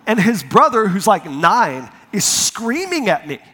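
A male pastor with a fairly high voice preaches to a congregation, acting out the voices in his story. His words ring out with the long echo of a large hall. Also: unhurried. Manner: animated storyteller, acts out quotes. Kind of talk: sermon with personal story. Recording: reverberant hall.

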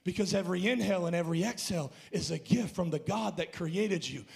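A male pastor preaching an impassioned sermon in a church, rising to shouts and then dropping low. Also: quick pace, vocal fry.

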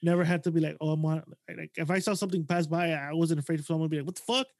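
Podcast host, male, high and quick, profane anecdotes, dry close sound. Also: no room sound. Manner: profane, animated storyteller. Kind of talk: casual chat.

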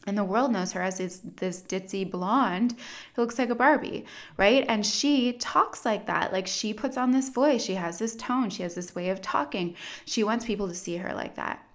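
A woman talking through her analysis in a loose, conversational way. She leans on fillers and slips into little quoted voices as she goes. Her pitch sits in an ordinary middle range. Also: moderate pace. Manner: chatty, many "like" and "you know" fillers, drops into quoted voices. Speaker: commentator analyzing a documentary. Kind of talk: casual spoken analysis.

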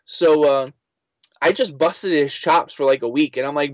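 An animated man chatting as an interview guest, telling his story in a loose, casual way with many fillers. His voice sits a little high for a man. The sound is dry and slightly dull. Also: a little fast, no room sound. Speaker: guest, voice actor and writer. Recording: slightly muffled dry recording.

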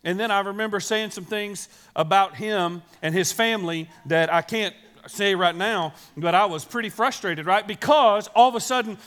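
A pastor delivers a sermon in a chatty, storytelling style, often checking in with listeners through frequent "right?" asides and speaking to the children in the congregation. His voice is high-pitched and a bit bright, at a moderate pace.

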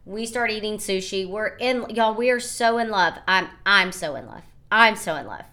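Bright-voiced woman telling a story. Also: medium pitch, normal speed. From United States. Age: 30s. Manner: animated, rambling, quotes others in her retelling. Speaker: podcast host. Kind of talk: casual storytelling monologue.

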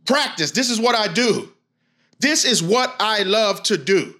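A man's voice: high voice, expressive, moderate pace, bright, forceful tone. A man giving a passionate motivational talk straight to his viewers, gritty and emphatic. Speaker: motivational speaker.

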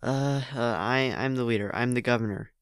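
A man's voice: mid-range voice, normal speed, clean tone, no room sound, studio quality, lightly acted. A man voicing a nervous middle-aged male governor who hesitates and stammers. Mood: tense.

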